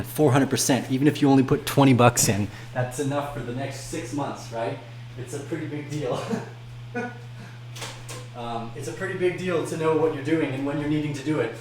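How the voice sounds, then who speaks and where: A man hosting a crypto trading livestream, chatting casually with viewers, swearing freely and swinging from low mumbles to loud rants. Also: a little hiss or hum.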